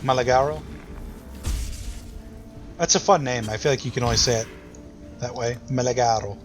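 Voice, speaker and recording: A man's voice: mid-range voice, a little fast, over music. An American man thinking aloud and rambling through casual let's-play commentary, with self-deprecating asides. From United States. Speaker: gaming YouTuber.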